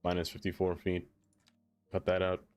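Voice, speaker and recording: A man's voice: low-pitched, monotone, moderate pace, darkish tone. A man streaming a city-building game, chatting casually with viewers in a playful, teasing way. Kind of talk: casual live-stream chat.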